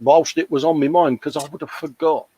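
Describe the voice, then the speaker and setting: A man's voice: a little high, fairly even intonation, brisk, warm tone, husky. A man hosting a live modelling stream, chatting casually and bantering with viewers' comments. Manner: chatty, matey, jokey banter. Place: hobby workshop at a bench.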